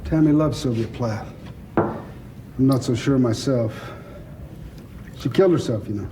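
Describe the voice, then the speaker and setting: An actor playing an older crime boss with a gruff, gravelly, blunt and profane way of talking, in a film scene. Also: male voice, medium pitch, measured pace, noisy background, natural voice. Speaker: crime boss planning a heist. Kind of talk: film dialogue.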